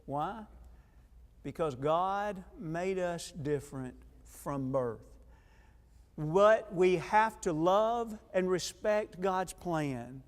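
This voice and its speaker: A man with a high voice preaches a sermon, animated as he tells personal stories and acts out the voices in them. He grows quieter and earnest as he turns to scripture. His voice rings with the long echo of a church hall. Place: church auditorium.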